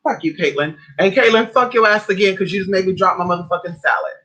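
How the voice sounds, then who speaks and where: A woman's voice: medium pitch, fast talker, a bit bright, low-quality recording. A woman hosting a casual livestream, ranting in a sassy, profane, rambling way while eating. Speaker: livestream host.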